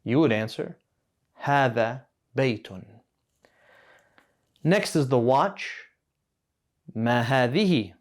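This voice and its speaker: A man runs an Arabic lesson in a casual, unhurried way. He explains each word step by step and prompts the listener to answer back. His voice sits at an ordinary middle pitch. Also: expressive. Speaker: Arabic teacher. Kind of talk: relaxed spoken lesson.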